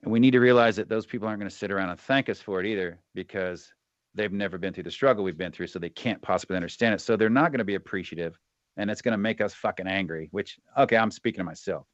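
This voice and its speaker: A middle-aged retired soldier, appearing as a podcast guest, talks bluntly and profanely in candid interview style, often acting out the voices he quotes. His voice is lowish and his pace quick. The audio is lo-fi with no echo.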